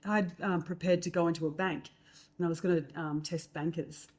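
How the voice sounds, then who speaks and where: A middle-aged Australian woman, a guest, telling lively stories in conversation and acting out what others said, with many fillers. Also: on the low side, brisk. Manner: lively anecdotes with acted-out quotes, fillers. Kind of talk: storytelling in conversation.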